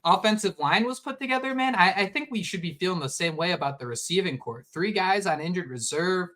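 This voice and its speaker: A man co-hosting a casual sports podcast, talking in an animated, rambling way and restarting his sentences often. His voice sits a little higher than most men's. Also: a little fast. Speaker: podcast co-host.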